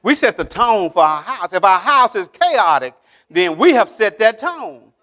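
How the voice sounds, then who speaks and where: A man's voice: high-pitched, sing-song, measured pace, bright, forceful tone. A man, a pastor, preaching a sermon. He speaks emphatically, repeats key phrases and keeps asking the congregation if they are with him. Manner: preaching with call-and-response questions to the congregation. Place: church sanctuary.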